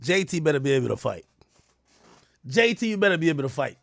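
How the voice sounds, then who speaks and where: A man's voice: on the high side, big pitch swings, quick pace, gravelly, no room sound, studio quality. A man hosting a livestream and reacting to a track in slangy, profane casual commentary, repeating himself as he gets worked up. He talks into a desk mic. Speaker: livestream host.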